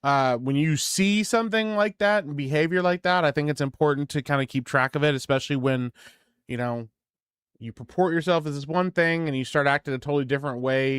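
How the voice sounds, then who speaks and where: A man's voice: mid-range voice, smooth, no room sound. Chatty man with a dry, close sound. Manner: animated storyteller, says "dude" and "like" often. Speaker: co-host. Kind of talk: casual livestream chat.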